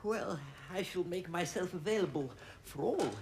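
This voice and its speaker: A jittery, cowardly prince. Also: male voice, high voice, moderate pace, background noise. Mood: nervous. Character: cowardly scheming medieval prince, nervous.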